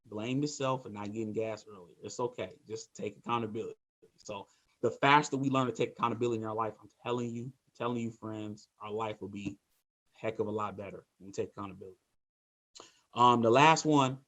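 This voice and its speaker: A man's voice: medium pitch, a bit bright. A man leading a motivational sales training talk, speaking with energy and repeating himself as he coaches his team. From Michigan, USA. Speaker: team leader.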